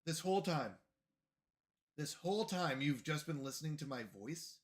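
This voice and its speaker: A man's voice: on the high side, moderate pace. A man livestreaming a game, talking casually to his chat in a flustered, apologetic way and repeating himself. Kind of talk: casual live gaming stream chat.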